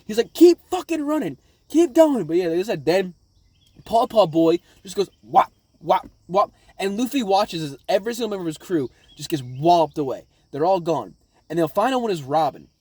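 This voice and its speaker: High-voiced man rambling excitedly. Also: a little fast, no room sound. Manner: rambling, profanity-laden, excitable. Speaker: anime reaction vlogger. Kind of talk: casual episode recap.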